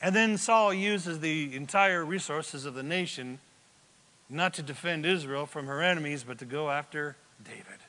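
A male pastor preaching a sermon, telling the story with animated, joking asides. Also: on the high side, normal speed. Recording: long hall reverb.

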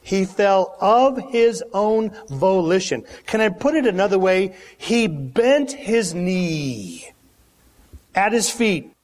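A male preacher delivering a sermon, dramatic and animated, acting out the lines he quotes. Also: takes it slowly. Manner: dramatic, acts out quotes with big pitch swings. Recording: long hall reverb.

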